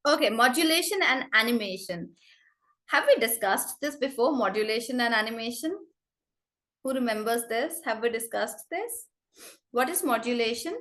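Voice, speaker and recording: A young woman teaching an online class, expressive and demonstrating tones with exaggerated examples. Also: a little high, normal speed.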